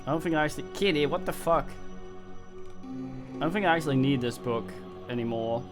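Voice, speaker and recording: A man's voice: a little high, a little fast. Male streamer, casual commentary, mumbling, swearing, game music underneath. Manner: rambling, mumbling, frequent swearing.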